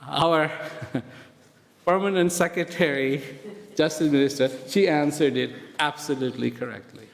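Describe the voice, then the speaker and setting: A man giving a motivational talk to prison inmates, speaking slowly and deliberately and asking many rhetorical questions. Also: on the high side, gravelly. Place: prison hall. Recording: reverberant hall.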